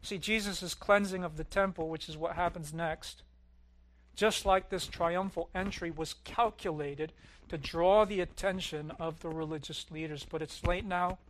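A man preaching a sermon as pastor, swelling loud on key lines and dropping low and quiet at others.

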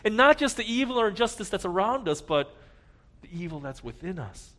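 A man delivers a sermon in a fairly high voice. He swings from ringing emphasis down to quiet, hushed phrases, pressing each point with earnest conviction. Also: very animated, brisk. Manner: earnest preaching with wide swings in loudness, dropping to a hush at key points. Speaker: pastor.

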